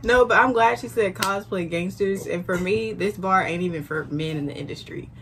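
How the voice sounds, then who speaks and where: A woman's voice: medium pitch, moderate pace, background noise. A woman co-hosting a reaction video, chatting casually and explaining song lyrics with lots of "like". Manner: explains lyrics with many likes, laughs easily. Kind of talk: casual chat.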